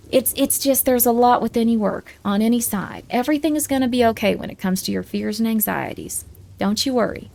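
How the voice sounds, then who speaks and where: A woman's voice: mid-range voice, creaky, darkish tone. A woman streamer chatting casually in a rambling, joking way, often cutting herself off mid-thought. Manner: rambling, joking, self-interrupting. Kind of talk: casual live-stream chat.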